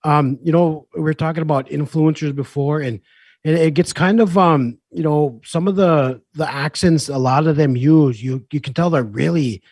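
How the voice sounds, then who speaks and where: Guy w/ a northern minnesota rez accent hosting a chat, kinda rambly and halting, dry close sound. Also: a little high, a little mellow, dry recording. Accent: northern Minnesota reservation. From Red Lake, Minnesota. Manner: rambling, halting with many fillers. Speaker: host, comedian. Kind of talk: casual interview chat.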